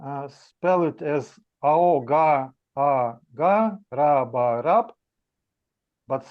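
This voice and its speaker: A man asking questions about spelling in a language lesson, talking haltingly with many pauses. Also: fairly high pitch, narrow, tinny audio. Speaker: language student.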